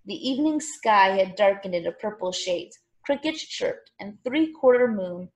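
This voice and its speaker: A woman reading a children's novel aloud with expressive, animated storytelling. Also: medium pitch, normal speed. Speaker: narrator.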